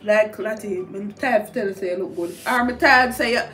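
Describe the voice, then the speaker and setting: A woman's voice: medium pitch, fairly quick, fairly bright tone, soft background music. A young woman with a Jamaican accent hosting a casual chat over a meal, chatty and agreeable with patois phrases. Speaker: host.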